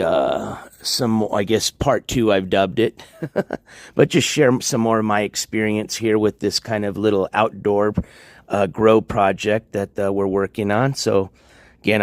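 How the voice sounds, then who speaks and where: A man hosting a casual livestream from his home and yard, chatting in a relaxed, rambling way with many fillers, recorded on a handheld phone. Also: on the low side, dry recording. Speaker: livestream host. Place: at home, moving between yard and house. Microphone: handheld phone on a gimbal.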